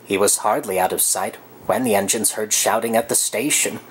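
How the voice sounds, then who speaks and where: A woman narrating a children's cartoon story in a fan redub, steady storytelling. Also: very deep voice, moderate pace, slight background noise, poor audio.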